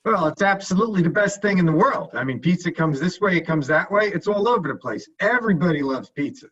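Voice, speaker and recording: A slightly husky man gives an effusive practice pitch. The video call audio is dull. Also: expressive, fast, fairly bright tone. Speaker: trainee.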